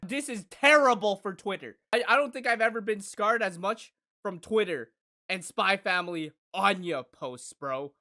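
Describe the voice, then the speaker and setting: A woman hosting an anime reaction, moving from soft cooing to loud excited squeals and swearing freely. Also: medium pitch, normal speed.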